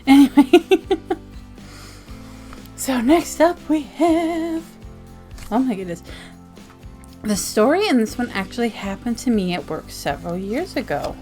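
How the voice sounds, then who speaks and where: A woman's voice: fairly high pitch, very animated, measured pace, long pauses, dark tone, faint music behind. A woman vlogger sharing zines from her mail in casual chat, bubbly and gushing with frequent giggles. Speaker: zine reviewer vlogger.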